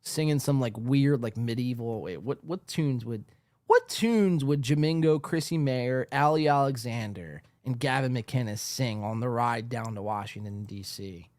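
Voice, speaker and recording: A man's voice: mid-range voice, expressive, a little slow, darkish tone, no room sound. A man hosting a live podcast, rambling casually and laughing as he reads the chat aloud, worn out after a long stream. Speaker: podcast host. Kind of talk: casual livestream commentary.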